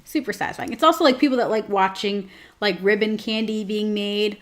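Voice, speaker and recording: A woman's voice: mid-range voice, fairly even intonation, a little fast. A woman hosting her own show, chatting casually with lots of fillers and joking asides. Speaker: host. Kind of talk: casual chat.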